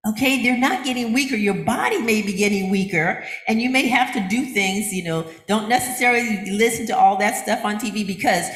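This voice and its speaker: An older woman minister giving a chatty, animated sermon, often laughing and acting out what other people say. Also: mid-range voice, fairly quick, few pauses. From United States. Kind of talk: conversational sermon. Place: church sanctuary. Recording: roomy church echo.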